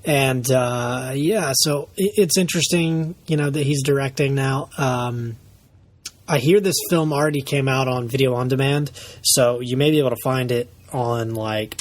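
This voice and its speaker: Dude co-hosting a podcast, chill and measured, middle voice, dry sound. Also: male voice, mid-range voice, no echo. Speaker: podcast co-host. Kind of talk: casual chat.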